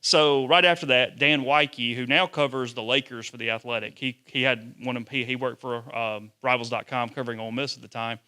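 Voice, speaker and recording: A man, a sports journalist telling lively stories to students. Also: medium pitch, brisk, few pauses, clean tone. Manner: animated storyteller, acts out quotes. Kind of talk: storytelling talk to students.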